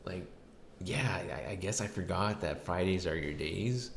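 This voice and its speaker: A man with a deep, expressive voice hosts a podcast, spinning a story at normal speed. He meanders, swears freely, and uses many fillers, while faint noise and room echo sit behind him.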